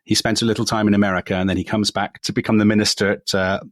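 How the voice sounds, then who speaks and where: English male podcast co-host, lowish pitch, dry close mic, chatty and self-deprecating. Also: level tone, rapid-fire, no room sound. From England. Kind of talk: casual history podcast chat.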